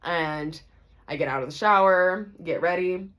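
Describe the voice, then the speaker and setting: A woman's voice: lowish voice, unhurried, a bit bright. A woman telling a personal story to her viewers in a chatty vlog, full of asides. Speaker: vlogger. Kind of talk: storytime vlog, casual chat.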